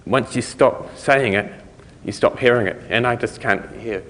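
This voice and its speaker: A man's voice: medium pitch, moderate pace, fairly bright tone. A man with a New Zealand accent giving a loose, self-correcting conference talk, chuckling now and then. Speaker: conference speaker. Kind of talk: technical talk on speech recognition. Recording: long hall reverb.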